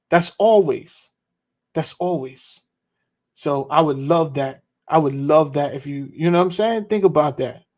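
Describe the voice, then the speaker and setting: A man's voice: on the high side, a bit bright. Slangy talkative man hosting a livestream. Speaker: podcast host. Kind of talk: casual livestream chat.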